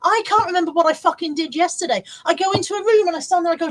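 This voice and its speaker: A middle-aged woman with a high-pitched voice talks quickly and barely pauses as she hosts a casual live stream. She reads out viewer comments, chats with the audience, laughs a lot, and swears freely.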